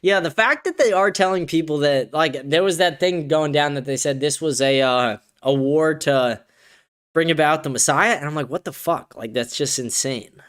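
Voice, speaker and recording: A man hosts a podcast in loose, casual chat with a fairly high-pitched voice. He is excitable and profane and laughs often as he answers viewer comments. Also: normal speed, smooth. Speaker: podcast host.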